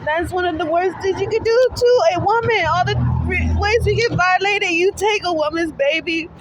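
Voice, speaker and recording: A mother posts a video appeal from a city bus stop, crying in an angry, tearful, profane, repetitive rant. Her voice is high and her pace moderate, and this emotional selfie vlog picks up crowd noise, faint street traffic and passersby.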